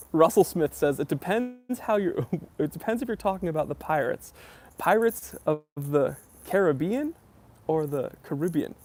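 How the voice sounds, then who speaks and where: A man's voice: fairly high pitch, lively intonation, moderate pace, darkish tone, a little hiss or hum. A man hosting a casual live stream about watches, reading viewers' chat comments aloud and answering them in an easygoing, rambling way full of ums and uhs. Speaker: watch channel host.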